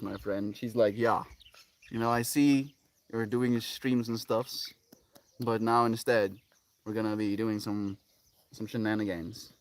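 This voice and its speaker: A man's voice: lowish voice, fairly even intonation, unhurried, pauses often. A young South African man chatting on a casual live stream, reading chat aloud and cooing baby talk at his puppy outdoors.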